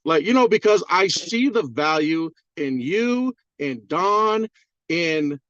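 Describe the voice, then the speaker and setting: A man's voice: on the high side, animated, takes it slowly, fairly bright tone, dry recording, lo-fi sound. Fired-up, cursing man on a call. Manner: profane, rambling, fired-up. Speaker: caller on a community call. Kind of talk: excited testimonial on a group call.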